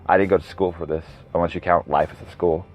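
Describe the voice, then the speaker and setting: This solo podcast host, in his thirties, has a low-pitched voice with fairly even intonation and talks fast. His casual rambling drifts onto tangents, with frequent self-corrections. The recording is dull and lo-fi, with music behind it.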